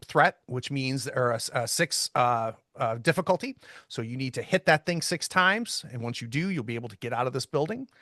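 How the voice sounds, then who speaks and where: A man's voice: mid-range voice, sharp tone, dry recording, studio quality. A man running a tabletop game as game master, setting the scene in descriptive narration.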